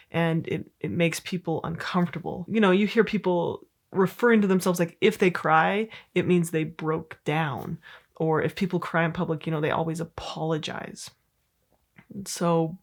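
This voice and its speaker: Woman, therapist, candid casual talk, filler-heavy, slightly low pitch, middle-aged. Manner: candid, chatty, many "like" and "you know" fillers. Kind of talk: casual educational monologue.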